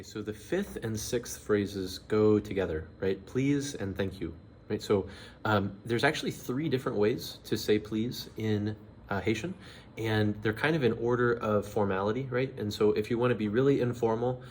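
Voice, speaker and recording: Low-voiced man teaching phrases casually. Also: slight background noise. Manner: relaxed, repeats phrases slowly with fillers. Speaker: language teacher. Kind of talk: casual language lesson.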